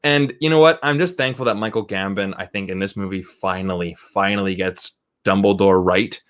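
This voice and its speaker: Low-voiced, rambling male film critic. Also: fairly quick. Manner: rambling and conversational, keeps checking in with "right?". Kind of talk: casual chat.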